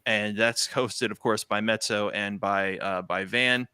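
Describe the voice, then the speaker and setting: Bright-voiced male stream host. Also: lowish voice, fairly even intonation, a little slow, clean tone, no echo, studio quality. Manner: rambling, plugs channel with loose fillers. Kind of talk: casual livestream chat.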